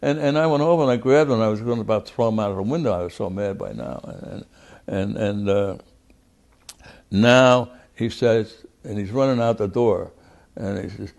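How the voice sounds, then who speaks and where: Older New man, ex-congressman, deep and mellow, tells it blunt and salty. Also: moderate pace, gravelly. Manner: blunt, profane storyteller who repeats words as he goes. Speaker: former congressman. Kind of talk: recounting past events in an interview.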